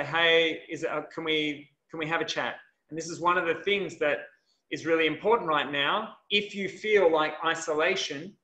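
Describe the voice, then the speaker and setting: A man's voice: fairly high pitch, sharp tone, roomy sound. A man, a health and wellness coach, giving an earnest, conversational coaching talk over a video call.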